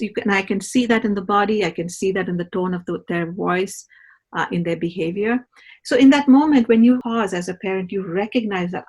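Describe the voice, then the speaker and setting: A woman's voice: mid-range voice, brisk, a little mellow, slightly rough. A middle-aged woman, a parenting educator, explaining patiently in a podcast conversation and often checking in with "right?". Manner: patient teaching tone, often ends points with a questioning "right?".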